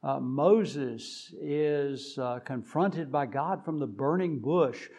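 Man preaching, gravelly voice, deliberate pacing, frequent pauses, emphatic rises. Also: on the high side, dark tone. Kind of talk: sermon.

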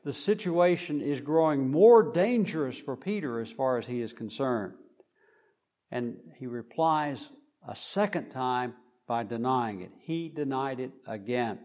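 A man preaching a sermon, speaking deliberately with frequent fillers. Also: mid-range voice, lively intonation, dark tone.

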